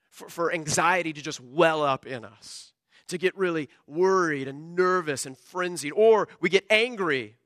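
A male pastor delivering a sermon in a high, bright voice. He preaches with passion, his voice climbing to loud peaks and sinking to hushed lows. The sound is close and dry. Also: no echo. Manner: impassioned preaching, rising and dropping sharply in pitch and loudness.

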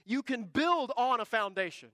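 High-voiced preacher, dry sound. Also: male voice, normal speed, no echo. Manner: animated preaching, swinging from hushed to emphatic. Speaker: pastor. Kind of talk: sermon.

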